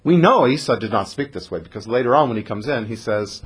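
A man teaches a text study class in a lively, conversational way, putting questions to the students in the room. His medium-pitched voice is husky and fast.

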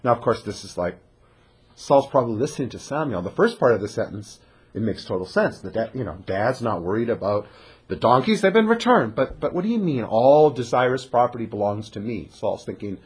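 A man's voice: medium pitch, normal speed, slightly rough. A man teaching a verse-by-verse scripture class, reading verses and acting out the characters' lines. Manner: animated, acts out the characters' lines. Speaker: Torah teacher.

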